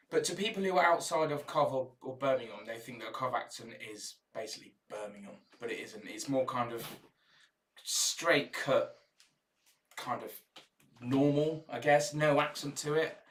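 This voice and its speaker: A man co-hosting a live football stream, chatting in a relaxed, rambling way. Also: medium pitch, moderate pace, far from the mic. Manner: relaxed, rambling, loose phrasing. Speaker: co-host. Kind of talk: casual live-stream chat. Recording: roomy sound, set back from the mic, faint noise.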